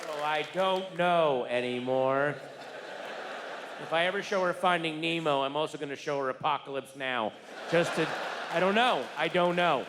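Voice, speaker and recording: A man doing stand-up comedy in a theater, telling a story in rapid, exasperated bursts that build into shouts. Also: a little high, a crowd in the background. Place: large theater stage. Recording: reverberant theater with faint room noise.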